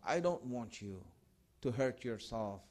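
A man speaking the part of a loving male religious leader, gently pleading and repeating himself, within a sermon story. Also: mid-range voice, animated, slow. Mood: pleading, gentle. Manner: tender, repeating his pleas.

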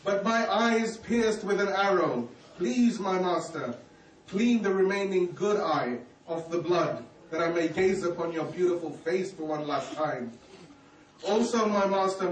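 A man voicing a dying young warrior who speaks quietly and weakly, loyal and ashamed. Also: high voice, a little slow, roomy sound, recorded from a distance, a little hiss or hum, rough recording. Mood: weak, pleading. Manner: quiet, weak and pleading.

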